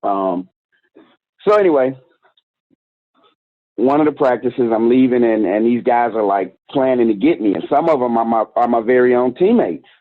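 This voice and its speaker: A man's voice: mid-range voice, animated, moderate pace, long pauses, dry recording. A man in his forties, a youth organization director and interview guest, telling a story in a candid, slangy, conversational way. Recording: tinny phone-like dry sound.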